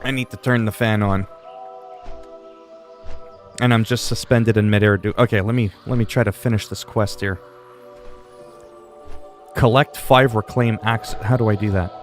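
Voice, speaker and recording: A man's voice: fairly low pitch, steady tone, moderate pace, long pauses, faint music behind. A man hosting a casual gaming livestream, rambling through funny stories and swearing freely. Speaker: livestream host. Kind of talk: casual gaming stream chat.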